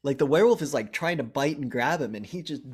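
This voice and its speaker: A man's voice: a little high, fast talker, husky. A young man co-hosting a movie review podcast, recapping a horror film in casual, profane chat and acting out the characters' lines. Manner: profane, animated retelling with acted-out lines.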